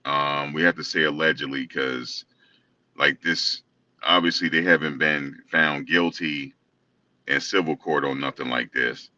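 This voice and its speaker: A man's voice: rumbling low, fairly even intonation, unhurried, bright, forceful tone, dry recording, distant mic, dull audio. A man co-hosting a casual commentary chat, laid-back and hesitant, hedging with lots of fillers. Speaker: co-host.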